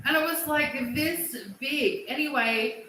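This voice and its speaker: A middle-aged woman from Australia, telling stories in a casual livestream chat, animated and prone to loud excited bursts. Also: high voice, measured pace. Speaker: livestream host. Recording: echoey room with loud noise.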